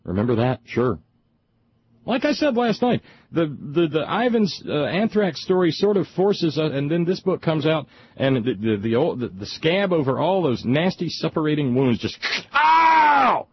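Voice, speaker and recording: Husky sarcastic male talk host. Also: on the high side, big pitch swings, dry recording, muffled recording. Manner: indignant, sarcastic, halting with many repeats. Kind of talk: political monologue.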